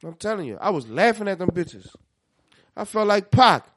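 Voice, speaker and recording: A man with a New Orleans accent talks in loose, animated podcast chat, his voice sitting a little high. He swears freely and acts out what people said. The sound is close and dry. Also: normal speed, dry recording. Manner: animated storytelling, swears a lot, acts out quotes. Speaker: podcast co-host. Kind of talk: casual chat.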